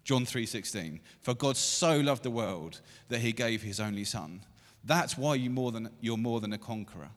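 A man in his thirties preaching a sermon to a church meeting, building to loud, emphatic repeated lines. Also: mid-range voice, expressive, normal speed, few pauses. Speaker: pastor. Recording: long hall reverb.

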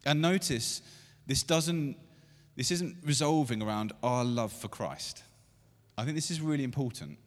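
A man in his thirties preaching a sermon to a church meeting, building to loud, emphatic repeated lines. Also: mid-range voice, lively intonation, unhurried. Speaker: pastor. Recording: long hall reverb.

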